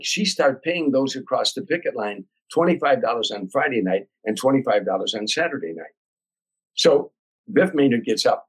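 An older man from Chicago, a comedian telling a long anecdote as a podcast guest, animated and acting out voices and sounds. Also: mid-range voice, husky, rough recording. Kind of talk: storytelling anecdote.

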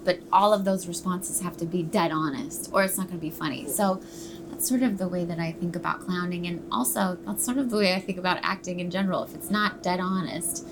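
A woman's voice: fairly low pitch, a little fast, background noise. A woman, a stage actress, chatting animatedly and playfully as an interview guest. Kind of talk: casual interview chat.

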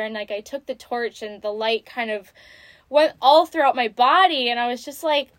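A woman's voice: fairly high pitch, fairly even intonation, normal speed, no echo. A woman in her twenties hosting a podcast, talking casually and peppering her story with "like" and "you know". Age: 20s. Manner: chatty, full of "like" and "you know". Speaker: podcast host. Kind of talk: casual chat.

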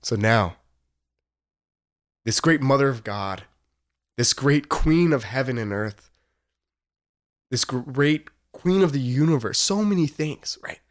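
A man's voice: mid-range voice, expressive, slow pace, long pauses. A young man hosting a casual faith podcast, talking earnestly and rambling, with frequent fillers and laughs. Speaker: podcast host.

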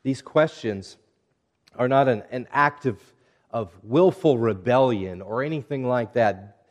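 Earnest male preacher, measured delivery. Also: mid-range voice. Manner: measured, earnest preaching with scripture readings and soft, hushed passages. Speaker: pastor. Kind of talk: sermon.

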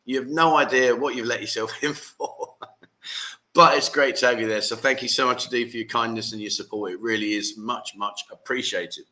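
A man's voice: mid-range voice, brisk, bright, forceful tone. A man hosting a casual livestream, reading viewer comments aloud and chatting in a jokey, teasing way. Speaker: livestream host.

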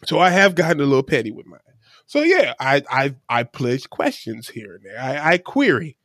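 A man's voice: mid-range voice, big pitch swings, moderate pace, a bit bright, no room sound, studio quality. A man co-hosting a casual chat, talking in a frank, rambling way and swearing casually. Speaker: podcast co-host.

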